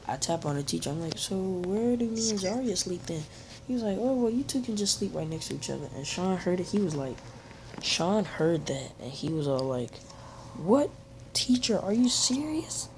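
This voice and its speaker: A man's voice: on the high side, darkish tone, slight background noise, poor audio. A young man tells a casual, rambling story while playing a game, acting out what people said in raised voices. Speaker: gaming video creator.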